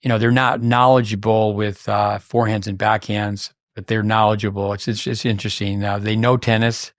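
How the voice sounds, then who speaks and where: A man's voice: fairly low pitch, little pitch movement, normal speed, dry recording, studio quality. A man hosting a tennis podcast in casual chat, rambling along with frequent restarts. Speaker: podcast host.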